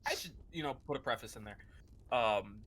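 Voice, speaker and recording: A man's voice: mid-range voice, expressive, a little fast, fairly bright tone. A man co-hosting a book club podcast, rambling casually with plenty of filler words and frequent laughter. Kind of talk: casual chat.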